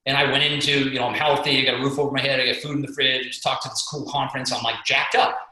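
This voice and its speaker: A middle-aged guest speaker and fitness coach tells stories on a conference call with energetic, motivational flair, acting out the quotes of the people he describes. His mid-range voice is bright and forceful, and he talks at a quick pace. The video-call audio carries heavy echo.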